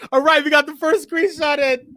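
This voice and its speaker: A man's voice: extremely high pitch, dry recording. Hyped guy running a game for the chat, cussing and teasing, dry close sound. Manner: loud, joking, swearing, stalls playfully. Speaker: game show host. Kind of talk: hyped casual game hosting on a stream.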